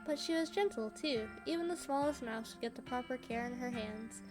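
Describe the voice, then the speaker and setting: A woman's voice: a little high, brisk, natural voice. A woman voicing a friendly young woman who lives alone with her old dog, speaking in a cheerful, folksy, matter-of-fact way. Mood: fond. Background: game music.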